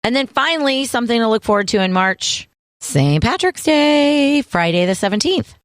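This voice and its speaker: A woman co-hosting a radio show, running through items in a brisk, list-reading way. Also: a little high, animated, a bit bright, dry recording. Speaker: radio co-host. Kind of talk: morning radio show chat.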